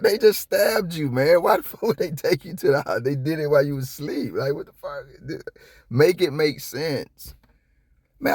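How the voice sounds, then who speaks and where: A man giving casual reaction commentary on a police video, rambling and profane, with sudden high-pitched outbursts. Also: no echo, studio quality. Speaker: copwatch commentator.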